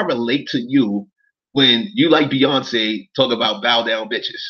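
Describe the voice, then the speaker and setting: A man with a bright, forceful, medium-pitched voice rants slowly on a casual livestream, and the highs are cut off. Speaking as a commentator to his chat, he repeats phrases and swears as he works himself up.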